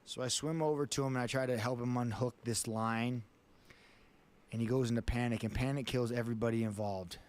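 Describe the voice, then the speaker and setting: A man's voice: medium pitch, fairly even intonation, brisk. A man, a guest on a casual talk show, telling a vivid story in plain words and swearing often.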